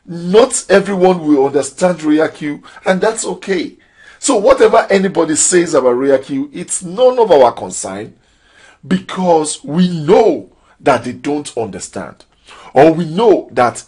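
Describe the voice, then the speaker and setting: A man's voice: a little high, expressive, unhurried, darkish tone, breathy edge. A man giving a motivational trading lesson, preachy and full of rhetorical questions with rising emphasis. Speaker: crypto trading trainer. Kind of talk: motivational training talk.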